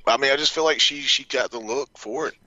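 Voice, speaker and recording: A man with a very bright, forceful voice tells a story on a podcast. He talks casually, swears and laughs along. The sound is close and dry. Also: mid-range voice, fairly quick, no echo, dull audio. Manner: animated anecdote-telling, swearing, laughing. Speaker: podcast co-host.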